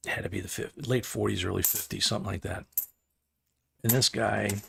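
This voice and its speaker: A man's voice: on the low side, steady tone, fairly quick, creaky, fairly bright tone, a little hiss or hum. An older man hosting a live stream, telling a rambling story in a casual way, chuckling and restarting his sentences. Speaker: host.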